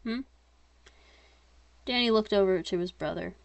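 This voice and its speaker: Casting note: woman reading her own story, mid pitch, dry booth sound, self-mocking side comments. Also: moderate pace, no room sound. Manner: plain steady reading broken by chatty self-mocking asides.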